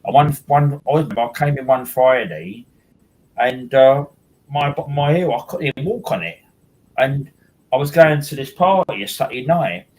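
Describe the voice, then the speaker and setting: A man's voice: medium pitch, animated, moderate pace, a little mellow, low-quality recording. A man, hosting a casual chat and rambling with many restarts and repeated words. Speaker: host.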